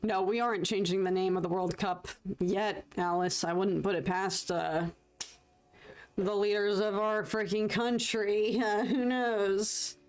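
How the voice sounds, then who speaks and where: Her voice is smooth and medium in pitch, with fairly even intonation and a measured pace, as this young livestreaming artist from the United States paints and talks casually with her audience. She often laughs and thanks chat members.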